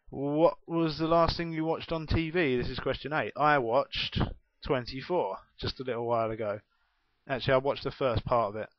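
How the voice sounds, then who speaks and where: A man of middle pitch chatting casually through a list of tag questions, rambling and poking fun at himself. The webcam audio is dull and lo-fi. The room around him sounds dry and close. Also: fairly even intonation, normal speed, no echo. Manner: rambling and self-deprecating. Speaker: vlogger.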